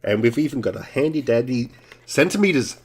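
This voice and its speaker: A man's voice: medium pitch, expressive, fairly quick, breathy edge. Man from Australia muttering over repairs. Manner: mutters to himself and coaxes parts while soldering. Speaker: console repair streamer. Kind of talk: casual talk while working.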